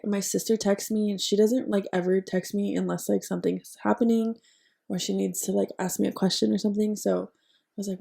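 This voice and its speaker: A woman's voice: mid-range voice, fairly even intonation, normal speed, creaky, warm tone. A young woman co-hosting a podcast, chatting casually with lots of "like" fillers and casual swearing. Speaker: podcast co-host. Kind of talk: casual chat.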